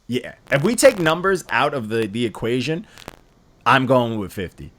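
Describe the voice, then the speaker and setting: A man co-hosting a podcast, chatting casually about rap albums, animated and laughing often, swearing freely. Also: medium pitch, moderate pace, a loud crowd. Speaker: podcast co-host. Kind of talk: casual music review chat.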